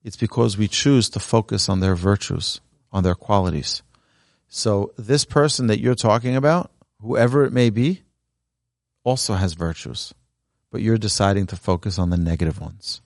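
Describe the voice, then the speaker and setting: This rabbi's voice sits fairly low and moves at a moderate pace, recorded dry with studio quality. Leading a Torah class indoors at a learning center for a live audience, he tells a story with emphatic rises, speaking earnestly and urging his listeners.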